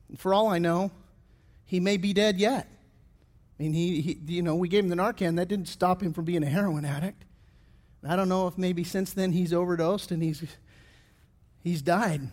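A man's voice: high-pitched, moderate pace, pauses often, in a large hall. A middle-aged man preaching a sermon as pastor, telling stories with many restarts and fillers.

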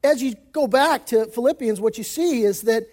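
A male pastor giving a sermon in an emphatic, folksy style with casual slang, moving between loud stresses and hushed passages. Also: very high voice, moderate pace.

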